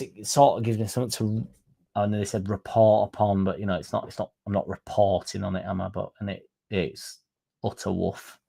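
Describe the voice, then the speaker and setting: A man's voice: fairly low pitch, vocal fry, mellow. A man hosting a casual live-stream, reading out viewer comments and rambling with swearing and self-interruptions. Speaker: fan channel host.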